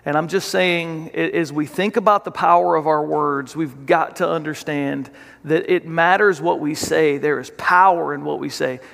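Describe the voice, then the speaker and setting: A man's voice: fairly high pitch, steady tone, normal speed, creaky, fairly bright tone. A man preaching a sermon as pastor, earnest and repetitive, restarting his phrases as he goes. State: choked up with emotion. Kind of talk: sermon with prayer. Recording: long hall reverb.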